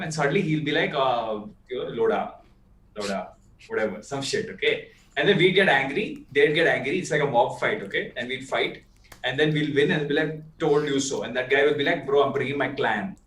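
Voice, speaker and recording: Fast-talking man, animated, roomy distant sound. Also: on the high side. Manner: animated storyteller, fast with many fillers. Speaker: podcast guest. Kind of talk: casual chat. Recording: roomy, distant mic with faint noise.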